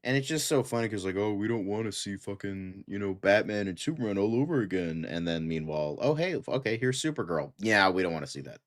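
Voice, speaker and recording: A low-voiced man co-hosts a casual podcast chat, swearing freely and mocking people with quick impressions. His voice is close and dry, with no room sound around it. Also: expressive, no echo. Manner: profane, sarcastic, mocking impressions. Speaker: co-host.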